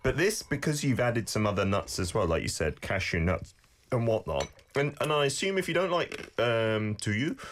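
A man's voice: medium pitch, lively intonation, normal speed, a bit bright, a little hiss or hum. A man co-hosting a casual food-tasting chat, enthusiastic and chatty as he eats. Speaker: co-host.

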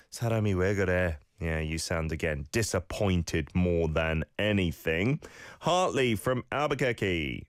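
Guy hosting a casual teaching show, low voice that swoops around a lot, jokey feedback. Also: expressive, slow, dry recording, studio quality. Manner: playful, teasing feedback with exaggerated example intonation. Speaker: host teaching phrases and playing listener clips. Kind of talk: casual radio-style teaching.

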